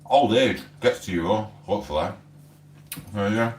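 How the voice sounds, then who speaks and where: A man's voice: lowish voice, measured pace, distant mic. A middle-aged English man hosting a casual livestream at home, chatting in a wandering way while he eats and reads chat aloud. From England. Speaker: livestream host. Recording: roomy sound, voice away from the mic.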